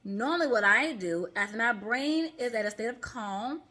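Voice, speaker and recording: A woman therapist and mindfulness coach talking casually to viewers, often checking in with a quick "okay?" and demonstrating deep breaths aloud. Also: lively intonation, pushed and bright. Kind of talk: casual instructional vlog.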